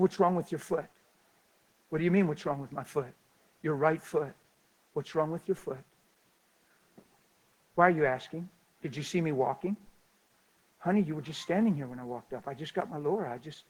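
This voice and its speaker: A man preaching a sermon and telling a story, swinging between loud excitement and hushed, soft passages. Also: on the high side, a little fast, breathy edge, rough recording.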